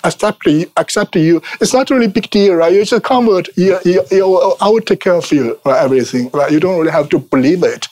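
A man's voice: high voice, fairly quick, hardly any pauses, darkish tone, natural voice. A man reading out translated lines of a brash young merchant who drinks heavily. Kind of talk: reading translated play dialogue aloud.

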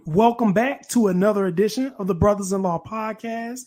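A man's voice: high voice, a little mellow. Joking man with music underneath. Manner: playful, joking, quick laughs. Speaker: podcast co-host. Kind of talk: casual podcast banter.

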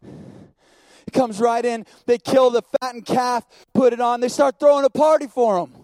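A pastor preaching a sermon, retelling a story in a repetitive cadence, dropping to hushed tones and then rising to shouting. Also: male voice, extremely high pitch, steady tone, unhurried, no room sound, studio quality.

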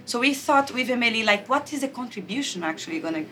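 A woman's voice: a little high, animated, fast, fairly bright tone. A woman filmmaker answering interview questions in a thoughtful, somewhat hesitant way.

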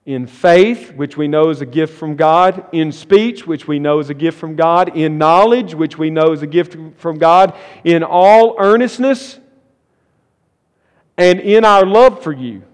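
A man's voice: a little high, measured pace. A man preaching a sermon, reading scripture and then building emphasis as he explains it. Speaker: pastor. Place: church sanctuary. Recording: long church hall reverb.

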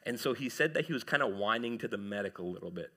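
Bright-voiced pastor preaching. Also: male voice, lowish voice, quick pace. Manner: animated preaching, swings from loud to hushed. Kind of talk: sermon. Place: church.

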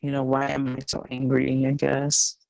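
A woman's voice: extremely low pitch, completely flat delivery, moderate pace, gravelly, a little mellow, dry recording. An older woman co-hosting a podcast with her daughter, speaking earnestly and searching for words. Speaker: podcast co-host. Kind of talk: casual podcast chat.

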